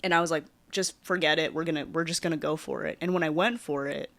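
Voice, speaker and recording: In a rambling, casual telling of a personal story, this woman hosting her podcast uses many fillers and her voice swings with energy. Low-pitched and quick, she's captured in a dry recording.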